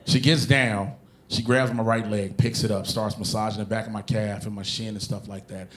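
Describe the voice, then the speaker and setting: A man performing a stand-up comedy routine on stage, telling animated, profane stories and bursting into shouted impressions. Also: lowish voice, normal speed. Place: comedy stage before a live audience.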